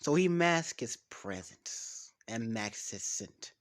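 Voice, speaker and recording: Slow chill guy making up a creepy story, voice jumping around a lot, keeps forgetting names. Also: medium pitch, animated, a little hiss or hum. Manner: rambling, swears, loses track of names. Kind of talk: casual improvised storytelling.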